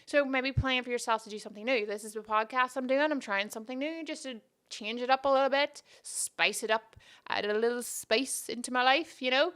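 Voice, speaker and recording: Woman podcast host, casual rambling chat, high-ish voice, sharp bright tone. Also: fairly quick, clear, resonant tone. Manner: rambling, goes off on tangents; chatty and self-deprecating.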